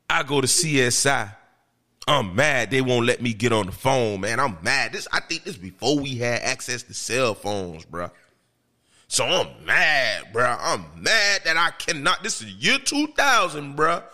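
A man, a podcast host, telling a story in casual chat in an animated, profane and emphatic way. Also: fairly high pitch, moderate pace. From Miami, Florida.

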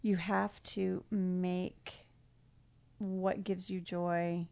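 A woman's voice: lowish voice, flat delivery, drawn-out words, vocal fry, a little mellow. A middle-aged woman, a podcast guest, talking in a casual, heartfelt way, reflective and tender, often emotional.

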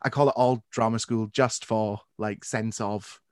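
A man's voice: fairly low pitch, steady tone, unhurried, a little mellow, clear, resonant tone, dry recording, studio quality. A man hosting a podcast, chatting playfully with lots of fillers. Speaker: podcast host. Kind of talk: casual interview chat.

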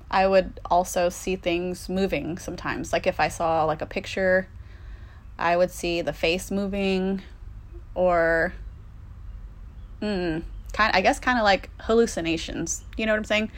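A young woman talks casually about her own past, full of "um" and "like", cursing without a second thought. Her voice sits a little on the low side for a woman. She tells it plainly and openly, as if to friends. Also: fairly even intonation, unhurried, pauses often. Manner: candid, swears freely, many fillers. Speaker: storyteller. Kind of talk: casual personal storytelling.

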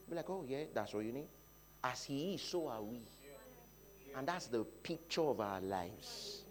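A Nigerian man preaching a sermon, dropping to quiet talk and rising to loud shouts, often repeating his phrases. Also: fairly high pitch, lively intonation, moderate pace. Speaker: pastor. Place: church hall.

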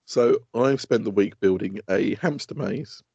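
A man telling casual, animated stories on a podcast, swearing and laughing often. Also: lowish voice, a little slow, vocal fry, breathy edge, dry recording, muffled recording. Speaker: podcast co-host. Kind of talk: casual chat.

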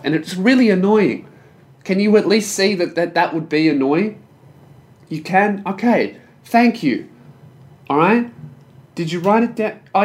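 Young aussie bloke ranting on his podcast, swears heaps, voice sits a bit high. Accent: Australian. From Australia. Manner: sweary, loud and mock-angry. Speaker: podcast host. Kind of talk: solo podcast rant.

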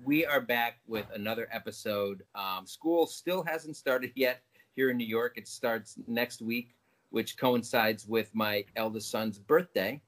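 Dad co-host, ribbing his partner, quick to laugh, loose chat. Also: mid-range voice, fairly bright tone. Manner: teasing, laughs often. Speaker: podcast co-host. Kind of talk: casual banter.

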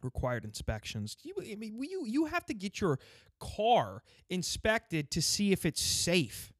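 A man's voice: sits high, wildly swooping pitch, measured pace, no room sound. Ranting, swearing man with a dry sound. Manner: angry sarcastic rant, heavy swearing. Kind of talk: ranting stand-up style monologue. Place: lives in the state he complains about.

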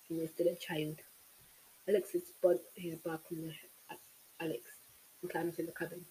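A host reading a novel aloud in steady narration, with small slips now and then. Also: mid-range voice, moderate pace, pauses often, a little hiss or hum, rough recording. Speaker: audiobook reader, channel host.

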